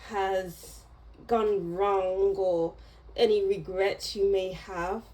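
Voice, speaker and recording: Woman, tarot reader, casual reading to camera, unhurried, warm mellow tone, chatty, meandering. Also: mid-range voice, poor audio. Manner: chatty and meandering, breaks into small laughs.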